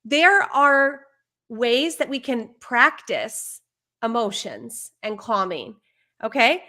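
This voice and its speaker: Woman, high voice, bright tone, parenting educator, animated, acts out example lines. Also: slow. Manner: animated, acts out what a parent or child might say. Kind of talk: conversational advice on a live stream.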